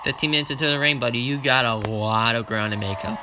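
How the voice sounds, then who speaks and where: A man giving let's-play commentary on a racing game, swinging between loud cheers and grumbling mutters. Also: medium pitch, quick pace. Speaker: gamer playing a racing management game. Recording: noticeable background noise.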